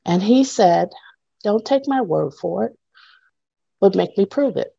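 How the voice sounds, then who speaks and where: Slow, breathless woman teaching over a call. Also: medium pitch, animated, gravelly, warm tone, breathy edge, no echo, dull audio. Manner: halting, with many fillers and pauses. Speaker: guest speaker. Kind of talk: teaching in an online Bible class. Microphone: video call.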